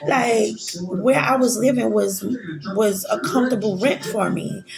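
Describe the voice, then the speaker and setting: A woman's voice: fairly high pitch, measured pace, vocal fry. A young woman telling a personal story, rambling and repeating herself for emphasis, with lots of fillers. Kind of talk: storytelling to live viewers. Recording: crowd noise in background.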